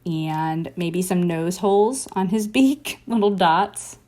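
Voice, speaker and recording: A woman's voice: lowish voice, takes it slowly, dark tone. Woman, drawing teacher, casual tutorial, chatty, encouraging, thinking aloud while sketching.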